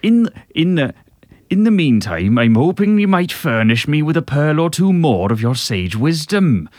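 A man doing a Welsh crooner reading a letter aloud, slow and stately, overly polite, lots of lift and swoop in the voice, dry close sound. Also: on the high side, big pitch swings, darkish tone, dry recording, voice pushed up. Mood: formal, pompous. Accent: Welsh, put on. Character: Welsh male singer impression, reading a letter formally.

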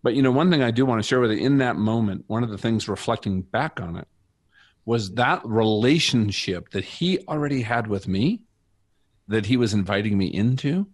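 As a guest in conversation, a middle-aged man shares his personal faith testimony, earnest and reflective. His mid-range voice moves at a moderate pace, and the recording is dry.

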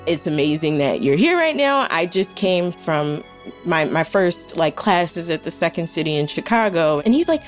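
A woman's voice: lively intonation, moderate pace, faint music behind. A young woman telling a story with great energy, acting out the people in it and laughing as she goes. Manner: acts out quotes with big pitch swings and laughter. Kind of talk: animated storytelling.

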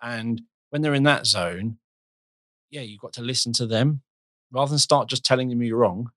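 A man with a South London accent hosting a podcast, talking in a relaxed, agreeable and reflective way. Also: mid-range voice, normal speed, no room sound. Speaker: podcast host. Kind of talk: podcast conversation.

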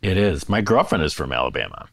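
A man's voice: deep voice, big pitch swings, quick pace, creaky, crowd noise. A man from San Francisco co-hosting a casual chat, hesitant with many fillers and repeats. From San Francisco, USA. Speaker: podcast co-host.

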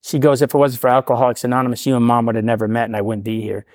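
Fast-talking middle-aged man telling a story. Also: mid-range voice, no room sound, clean studio sound. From Portland, Oregon area. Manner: animated storyteller, acts out quoted voices. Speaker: guest sharing recovery story. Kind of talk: casual storytelling.

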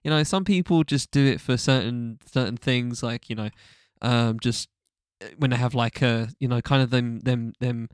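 A man's voice: mid-range voice, moderate pace, clear, resonant tone, no room sound, studio quality. A man co-hosting a casual music podcast, talking loosely with lots of fillers and restarts and casual swearing. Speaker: podcast co-host. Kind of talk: casual music review chat.

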